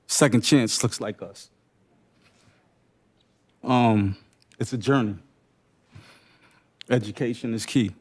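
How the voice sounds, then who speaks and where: A young man gives unscripted personal testimony at a public briefing. He speaks earnestly in short, halting phrases, and the emotion comes through. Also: mid-range voice, slightly rough. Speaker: panelist sharing lived experience.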